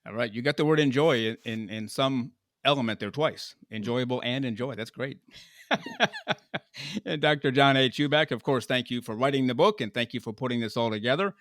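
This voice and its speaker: A man's voice: mid-range voice, brisk, a bit bright, dry recording. Upbeat male podcast host, dry sound. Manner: upbeat, wrapping up with brief filler "uh"s. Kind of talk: podcast sign-off.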